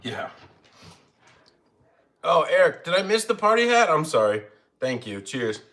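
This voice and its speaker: Now his voice is fairly high, a bit bright and unhurried, with big swings in pitch. He keeps up the casual, rambling mealtime chatter on his home phone stream, joking about himself.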